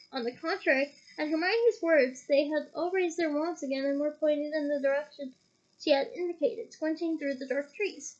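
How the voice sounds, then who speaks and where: A woman reading a novel aloud, lively, breaking off now and then for playful comments. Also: sits high, muffled recording. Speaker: audiobook reader.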